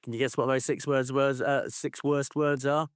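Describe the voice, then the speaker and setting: A man's voice: mid-range voice, fairly even intonation, moderate pace, clean tone, dry recording, clean studio sound. A man co-hosting a casual football podcast, ranting playfully and swearing freely. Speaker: podcast co-host.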